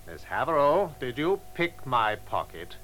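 An actor playing a cold, threatening gangster with a gun in a radio drama for language learners. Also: male voice, medium pitch, sing-song, measured pace, pushed and bright, soft background music. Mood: menacing. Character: menacing male gangster with a gun.

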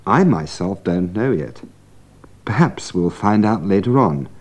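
A man's voice: low voice, animated, unhurried, darkish tone. A man co-presenting a scripted radio English lesson in a teasing, teacherly way.

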